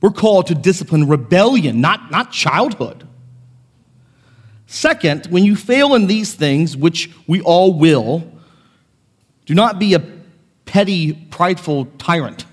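A man preaching a sermon as pastor, earnest, moving between quiet reflection and raised, impassioned passages. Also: high voice, animated, unhurried, pauses often, slightly rough, in a large hall. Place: church sanctuary.

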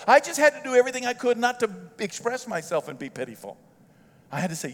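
An older man preaching a sermon as pastor, telling folksy stories with strong emotion that swells loud and high. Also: sing-song, fairly quick. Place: church sanctuary. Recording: church hall reverb.

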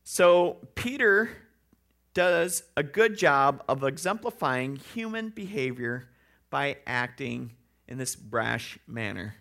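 A man's voice: mid-range voice, sing-song, slow, vocal fry, fairly bright tone. A man preaching a sermon in a conversational way, with joking asides and rhetorical questions. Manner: acts out quoted voices.

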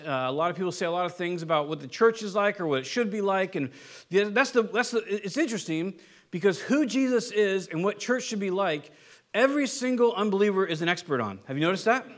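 A middle-aged pastor with a high-pitched voice delivers a sermon in a loose, conversational way. He keeps asking his listeners "right?" and slips into acting out the people in his stories. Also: animated, fairly quick, fairly bright tone. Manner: conversational, acts out quoted people, frequent "right?".

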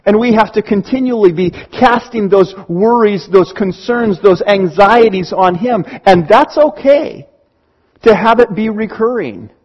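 A man, a church elder, preaching a sermon in an earnest, pastoral way with slow, emphatic pauses. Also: sits high, lively intonation, lo-fi sound.

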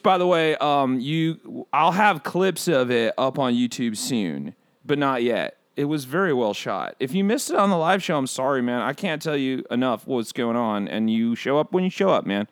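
A man voicing an excitable bird hosting his own comedy podcast, rambling and cursing through stories with a higher-pitched, smooth voice. The sound is close and dry, with no room around it. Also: dry recording. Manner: rambling, profane, punning, riffs on asides. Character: brash excitable male bird podcast host. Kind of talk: comedic character monologue.

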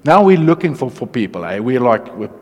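A man preaching a testimony sermon, telling his story in an animated way, dropping to a hush and then rising to loud excitement. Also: medium pitch, fairly quick. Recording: long hall reverb.

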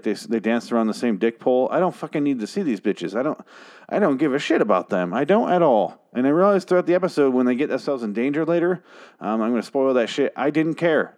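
A man's voice: fairly low pitch, darkish tone. A man giving a casual, sarcastic and profane recap of a TV episode, rambling with frequent restarts. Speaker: show host recapping a TV episode.

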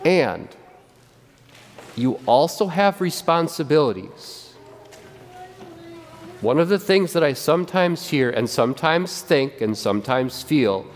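Animated pastor preaching in a reverberant hall. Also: male voice, a little high, slow, long pauses, faint music behind. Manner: animated preaching with frequent repetitions and restarts. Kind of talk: sermon. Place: church sanctuary.

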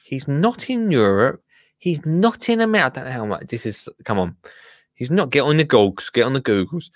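A man's voice: medium pitch, sing-song, moderate pace, no echo, studio quality. Chatty man hosting a livestream. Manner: chatty, laughs often, mutters and trails off while using the computer. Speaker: livestream host. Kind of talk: casual live-stream chat.

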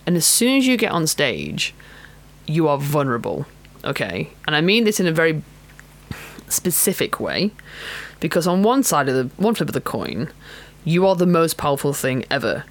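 A woman's voice: deep voice, sing-song, moderate pace. A woman who coaches pole dancers, hosting a casual solo podcast in a chatty, frank way, with self-mocking laughs and many fillers.

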